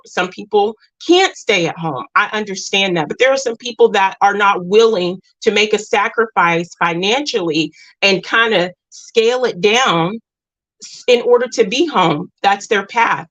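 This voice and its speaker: A woman's voice: medium pitch, fairly bright tone, dull audio. A woman telling a personal story in a casual vlog, earnest and rambling, with restarts and moments near tears. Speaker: vlogger.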